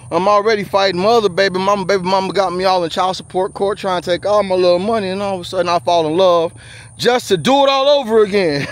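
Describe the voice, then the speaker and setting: High-voiced man ranting on a walk. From USA. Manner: loud, preachy rants with frequent laughs. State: sweaty and out of breath from walking. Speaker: vlogger. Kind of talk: walking vlog monologue. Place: outdoors on a trail by a bayou. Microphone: handheld camera while walking.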